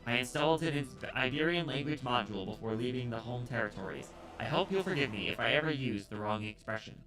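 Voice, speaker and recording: A man voicing a charismatic female alien consul who speaks through a drone, in a measured, formal diplomatic manner. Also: mid-range voice, lively intonation, music in the background, natural voice, rough recording. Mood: formal, courteous.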